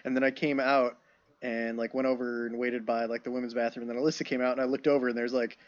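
Young male co-host, rapid-fire casual talker with wry remarks, muffled lo-fi mic. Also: mid-range voice, level tone. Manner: chatty, adds wry asides to his friend's stories. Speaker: podcast co-host. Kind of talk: casual chat. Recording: dull lo-fi podcast audio.

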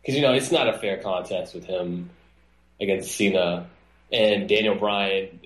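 Chatty man in an echoey room. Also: a little slow. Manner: animated, acts out quotes in a high mocking voice. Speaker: podcast co-host. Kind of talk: casual wrestling podcast chat.

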